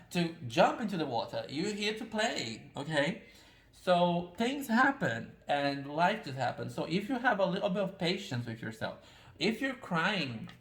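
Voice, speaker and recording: A man with a gravelly, creaky voice talks through a casual tarot card reading. He rambles and confesses, often putting himself down. He sits in a room with an echo. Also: high voice. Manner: rambling, confessional, self-deprecating.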